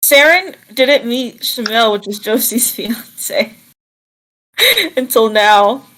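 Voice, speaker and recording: A woman chatting through a tabletop role-playing session with friends, her voice sitting a little high. She talks loosely and laughs often. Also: slow pace, a bit bright, poor audio. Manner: casual, laughing often, slips into character voices. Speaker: player. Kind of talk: tabletop game chat.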